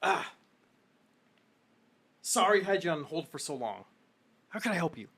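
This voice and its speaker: A woman's voice: lowish voice, big pitch swings, moderate pace, a bit bright, breathy edge, exaggerated voice. A woman doing a huffy, pompous grown son. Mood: smooth. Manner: huffy and defensive. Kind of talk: tabletop role-play voice.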